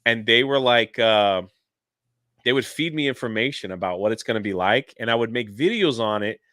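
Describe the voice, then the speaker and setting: A man on a livestream telling a long story in an animated, chatty way, jumping in and out of quotes. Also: mid-range voice, moderate pace, no echo, studio quality. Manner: animated, jumps into quoted voices. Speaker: YouTuber guest. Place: lives near a theme park in Florida.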